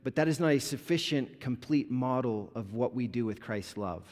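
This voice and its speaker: A man pastor giving an animated, conversational sermon with humor to his congregation in a church. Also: medium pitch, moderate pace. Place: church sanctuary. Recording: long hall reverb.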